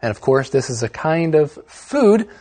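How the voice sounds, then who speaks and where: A man's voice: on the high side, sing-song, measured pace, warm tone. A man co-hosting an English lesson program, explaining words in an upbeat teacher's manner. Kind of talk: scripted educational chat.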